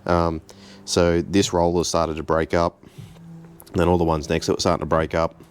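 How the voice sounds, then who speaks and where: A home mechanic with a very deep voice narrates a casual how-to as he works on a car in his garage, moving at a moderate pace. He sounds relaxed and talkative and pokes fun at himself, with a slight hiss underneath.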